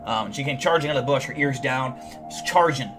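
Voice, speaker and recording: A man's voice: medium pitch, a little fast. Man spinning boastful tall tales over music. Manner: deadpan boastful tall tales, rambling with fillers. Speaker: livestream host. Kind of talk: comedic in-character livestream storytelling.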